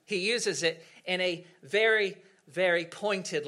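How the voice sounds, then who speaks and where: A male pastor preaching a sermon earnestly, with dramatic pauses and swings from loud to hushed. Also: high-pitched.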